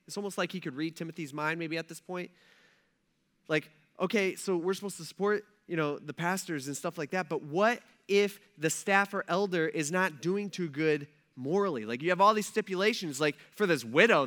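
A man's voice: fairly high pitch, fairly quick, fairly bright tone. A man in his thirties, a pastor preaching a casual sermon in a church, joking and using slang. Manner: chatty and joking, slangy asides.

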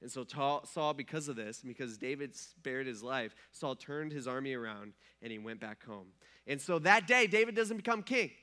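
A man's voice: medium pitch, lively intonation, normal speed, pushed and bright. A man preaching a sermon, retelling a story in a conversational way and casually acting out the characters' lines. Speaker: pastor.

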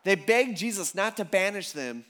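A man preaching a sermon as pastor, telling the story in a casual, animated way with slang. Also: high voice, moderate pace.

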